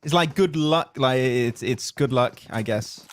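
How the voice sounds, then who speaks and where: A man's voice: medium pitch, a little slow. Male esports caster from France, English with a slight French tinge, self-mocking and easily amused. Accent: English with a faint French tinge. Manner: laughing, self-deprecating, slightly flustered. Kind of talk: live esports commentary with playful banter.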